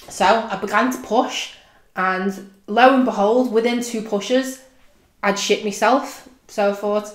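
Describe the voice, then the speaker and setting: A young Scouse woman vlogging, telling a funny personal story with animated swings from low muttering to loud outbursts. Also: a little slow. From England. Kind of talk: comic storytelling. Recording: echoey room.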